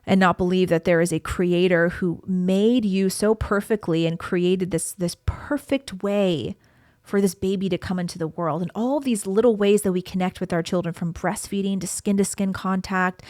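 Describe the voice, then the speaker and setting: A woman's voice: mid-range voice, fairly even intonation, moderate pace, darkish tone, dry recording, studio quality. A young woman hosting a solo podcast, talking in an earnest, encouraging, conversational way while pregnant. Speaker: podcast host. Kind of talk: casual solo podcast talk.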